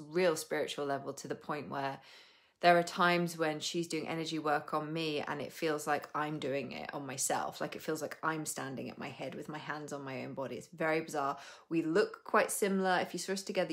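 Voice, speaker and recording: A young adult woman hosting a casual live stream, chatty and rambling, who laughs often and swears offhandedly. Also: sits low.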